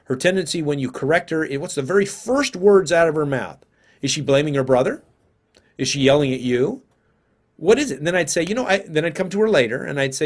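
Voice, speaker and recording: A man's voice: on the high side, a little fast. A man teaching parents in a live seminar, talking conversationally and thinking aloud with occasional fillers.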